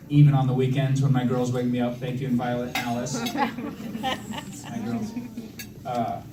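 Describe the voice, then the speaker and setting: At a wedding reception, a man in his thirties with a medium-pitched voice toasts his brother, cracking self-deprecating jokes amid plenty of fillers and restarts. The echoey hall is captured from far off, with loud crowd ambience and background noise.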